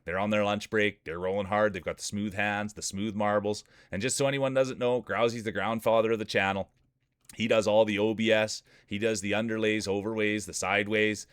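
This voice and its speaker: A man with a low, smooth voice calls marble races like a sports announcer, hyping each racer and chatting with viewers. His voice is clean and dry, sitting close on a desk mic. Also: little pitch movement, brisk, a bit bright, no echo. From Canada. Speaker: streamer doing marble race commentary. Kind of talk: playful sports-style race commentary.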